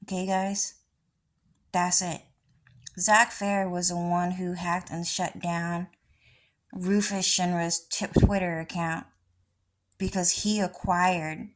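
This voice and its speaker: A woman vlogger talking in a rambling, casual monologue, often swearing. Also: fairly low pitch.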